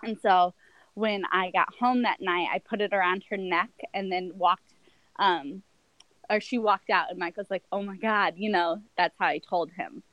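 A woman's voice: mid-range voice, fairly even intonation, normal speed, dry recording, lo-fi sound. Young woman telling a personal story. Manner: rambling, many fillers and restarts. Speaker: guest.

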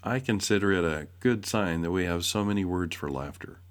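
A man reading a devotional essay aloud in a measured way, posing rhetorical questions. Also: deep voice, animated. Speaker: essay reader.

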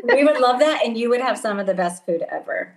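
A middle-aged woman missionary talking casually as an interview guest, laughing often and filling pauses with ums. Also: a little high, expressive, poor audio. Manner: warm, laughs often, many ums and restarts. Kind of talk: casual conversation. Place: home in Italy, over a call.

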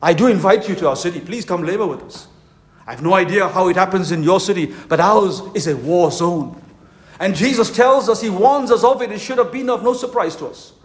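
A male pastor with a fairly high voice delivers a fervent sermon at a conference. He leans hard on slow, emphatic phrases. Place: conference hall.

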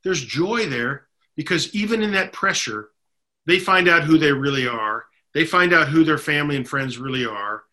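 Bright-voiced earnest man, guest. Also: a little high. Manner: earnest, talks of faith and shared meals. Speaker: podcast guest. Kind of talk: reflective casual conversation.

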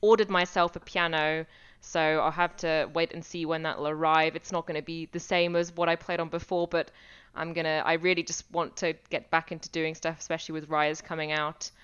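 Low, smooth-voiced woman chatting. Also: little pitch movement, brisk, a bit bright, lo-fi sound. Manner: chatty, with frequent restarts and light laughs. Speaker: primary school music teacher. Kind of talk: casual podcast chat.

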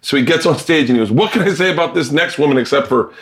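A man's voice: a little high, expressive, quick pace, a bit bright. A middle-aged man, a comedian, telling stories in casual chat, acting out quoted voices, laughing and swearing often. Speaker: comedian host of a cooking show. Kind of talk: casual storytelling among comedians.

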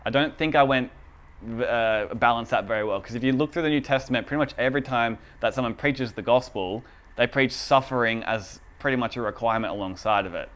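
A man's voice: mid-range voice, a little fast, fairly bright tone. A man giving a casual, chatty teaching talk in a church room, often asking the audience whether they follow. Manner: chatty and informal, asks the audience for agreement.

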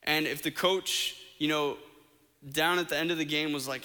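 A man's voice: a little high, fairly even intonation, normal speed, sharp tone. Earnest preaching man in a reverberant hall. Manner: earnest, conversational, with fillers and restarts. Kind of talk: sermon.

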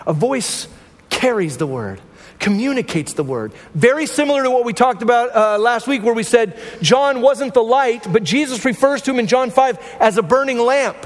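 A man's voice: very high-pitched, animated, moderate pace, long reverb tail. A man pastor preaching a conversational sermon to his church, often asking "right?" to the congregation. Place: church sanctuary.

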